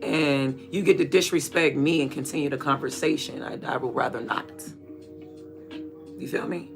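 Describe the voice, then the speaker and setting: Gravelly-voiced candid rambling vlogger. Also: male voice, medium pitch, normal speed, music in the background. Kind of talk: casual chat while watering plants.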